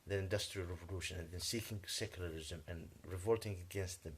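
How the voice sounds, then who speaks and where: A native Arabic-speaking man delivering a rambling, agitated monologue in English, halting often and clearing his throat. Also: low-pitched, fairly even intonation. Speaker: vlogger.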